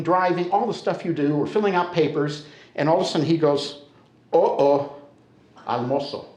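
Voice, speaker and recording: An older American storyteller tells a funny personal tale to a live audience in a storytelling center hall, loose and conversational. His voice is a bit high for a man, and the hall's clear echo wraps every line.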